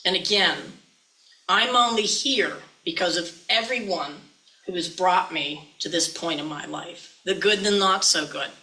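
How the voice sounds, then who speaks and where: A woman's voice: lowish voice, a little slow, bright, forceful tone, rough recording. A woman minister giving a chatty, folksy sermon, often teasing her listeners.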